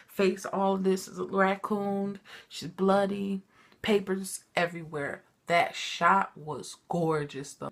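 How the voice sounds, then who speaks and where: Chatty woman with a gravelly edge. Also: mid-range voice. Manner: chatty, animated storytelling, addresses viewers as y'all. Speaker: TV recap vlogger. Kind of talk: casual TV recap chat.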